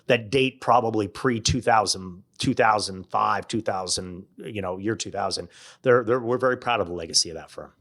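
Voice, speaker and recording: A middle-aged man with a fairly low voice, telling a long story in a conversational way. He acts out what other people said as he goes. He sounds like a podcast guest. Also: moderate pace. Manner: animated, quotes others in acted-out dialogue.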